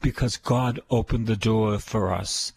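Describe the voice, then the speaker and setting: An older man with a Boston accent preaches slowly and deliberately, his voice husky. He repeats his phrases for emphasis, building lines of praise the listener can echo back. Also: on the low side, fairly even intonation, darkish tone. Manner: repetitive, emphatic preaching with call-and-response praise. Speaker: priest and radio preacher. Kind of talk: sermon.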